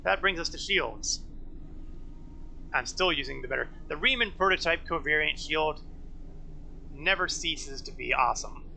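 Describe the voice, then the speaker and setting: A man's voice: on the high side, expressive, moderate pace, creaky, pauses often, sharp tone, slight background noise, poor audio. A man casually commenting while playing a game on a live stream, chatty and self-mocking as he thinks aloud.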